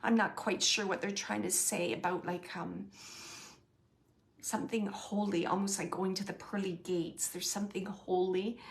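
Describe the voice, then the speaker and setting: Soft-spoken woman giving a halting reading. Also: mid-range voice, steady tone, vocal fry. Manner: halting, searching, relays messages with many fillers; gentle and reassuring. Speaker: psychic medium. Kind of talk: spirit reading for a sitter.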